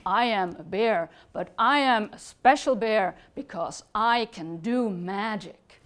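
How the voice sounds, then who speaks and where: A woman's voice: mid-range voice, slow, close to an everyday voice. A woman doing a friendly magic bear. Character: friendly magic male bear, calm and kindly.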